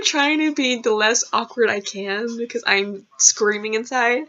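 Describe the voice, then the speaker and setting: A woman's voice: a little high, a little slow, few pauses, bright, forceful tone. A young woman vlogger rambling through embarrassing personal stories, full of fillers and casual swearing. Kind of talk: casual storytelling. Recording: lo-fi dull sound.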